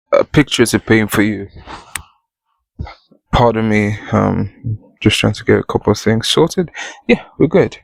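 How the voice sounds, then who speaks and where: A man's voice: medium pitch, gravelly, no room sound, low-quality recording. A man hosting his own podcast, talking straight to the listener in a playful, conversational way. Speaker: podcast host. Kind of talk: solo podcast monologue.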